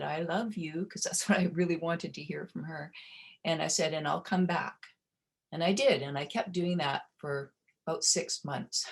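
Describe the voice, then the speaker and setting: Low-voiced woman telling a heartfelt story. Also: creaky. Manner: gentle, heartfelt, with restarts. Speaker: webinar presenter on provider well-being. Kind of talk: personal storytelling. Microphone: video call.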